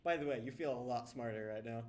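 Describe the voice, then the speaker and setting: A man's voice: medium pitch, fast, a little hiss or hum. A young man narrating as game master of a tabletop game, talking casually and laughing often. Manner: casual, laughs often, lively voices for characters.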